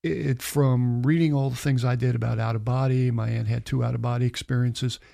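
This middle-aged man's medium-pitched voice carries vocal fry and moves fairly quickly. A guest in a casual interview, he tells a personal anecdote with animation, voicing the quoted dialogue as he goes.

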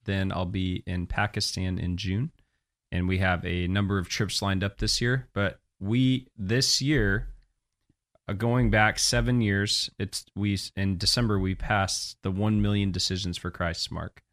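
A man, a guest evangelist, talking in a relaxed, casual way with the odd chuckle. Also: low voice, a little slow. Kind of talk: casual conversation.

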